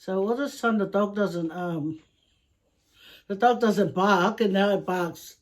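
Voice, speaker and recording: Slow-talking woman mukbang vlogger. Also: mid-range voice. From Samoa. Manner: unhurried, chatty, with small laughs and sighs. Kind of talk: casual chat to camera.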